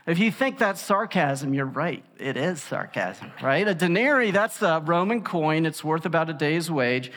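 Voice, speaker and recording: A man preaching a sermon to a gathered audience, casual and conversational with emphatic, animated rises. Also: a little high, measured pace, big-room sound. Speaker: pastor. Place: large room with an audience.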